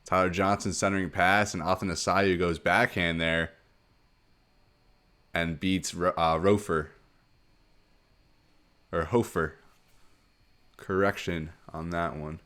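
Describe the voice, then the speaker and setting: A man giving play-by-play commentary on a hockey video game, calling each play quickly and rising sharply on goals. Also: deep voice. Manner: rapid play-by-play, excited surges on goals. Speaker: gaming commentator.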